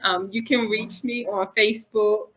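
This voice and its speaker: A woman from Maryland with a Southern accent, a guest author speaking softly and earnestly in a casual interview. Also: medium pitch, fairly even intonation, a little slow. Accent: Southern American. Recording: dull lo-fi audio with crowd noise.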